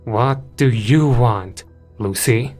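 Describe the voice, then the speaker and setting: A man voicing a cruel, contemptuous winged male creature in a horror story, taunting in a slow drawl. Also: mid-range voice, steady tone, a little mellow, lightly acted. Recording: music in the background.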